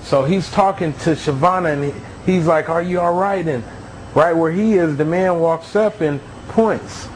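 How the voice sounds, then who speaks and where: A man's voice: a little high, a little slow, a little hiss or hum, rough recording. A man telling his own near-death story as a testimony, with emotional storytelling.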